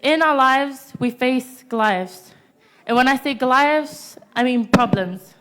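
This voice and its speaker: A woman's voice: high voice, animated, slow, a bit bright. A teenage girl preaching a youth-service sermon in a church, stopping to ask the congregation "Amen?" after nearly every point. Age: teens.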